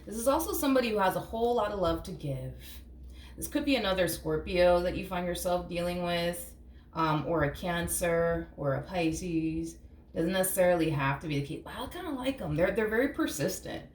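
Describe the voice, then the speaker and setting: Her voice on the low side and a little mellow, this tarot reader moves at a moderate pace through a casual, blunt reading, cursing freely and voicing imagined reactions as quotes, in an echoey room with a faint hum.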